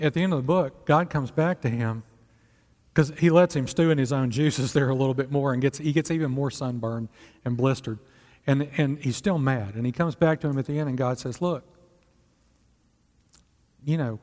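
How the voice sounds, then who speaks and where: A male pastor delivers a sermon in a relaxed, conversational manner and keeps putting rhetorical questions to his listeners. His voice sits at an ordinary middle pitch. A long hall reverb trails after each phrase in the church sanctuary.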